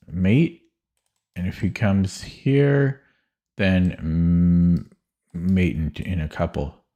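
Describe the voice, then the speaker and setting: Young male streamer, deep voice, unhurried, mumbles and corrects himself while thinking aloud. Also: a little mellow. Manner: muttering, hesitant, self-correcting. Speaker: chess streamer.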